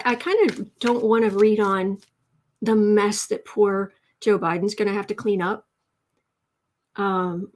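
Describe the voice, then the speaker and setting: A woman hosting a live tarot stream, chatty and emotional, teary at times, reading out viewer comments. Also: medium pitch. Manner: emotional and chatty, many restarts.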